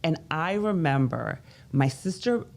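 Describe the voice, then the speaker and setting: A woman from Brooklyn, a guest on a radio show. She tells her story candidly and with a lively, swinging pitch, restarting sentences and quoting other people in a raised voice. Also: unhurried, vocal fry. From Brooklyn, New York. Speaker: guest, business and mindset coach. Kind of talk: interview.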